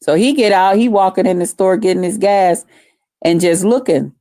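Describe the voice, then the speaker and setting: A woman vlogger telling a story casually to her viewers, animated and profane. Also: medium pitch, normal speed, no room sound, clean studio sound.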